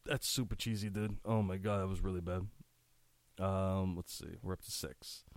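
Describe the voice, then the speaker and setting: A man hosting a casual solo podcast, reading out lines with crude asides, sniffly and clearing his throat often. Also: sits low, fairly even intonation, moderate pace, a little mellow, no room sound. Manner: crude, laughing, breaks off into asides. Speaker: podcast host.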